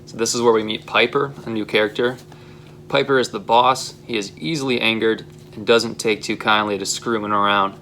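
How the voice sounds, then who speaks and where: Brief: young male student reading his story, low voice, faint hiss behind. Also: steady tone, fairly quick, sharp tone. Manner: plain, casual read with occasional fillers. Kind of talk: reading a story script aloud.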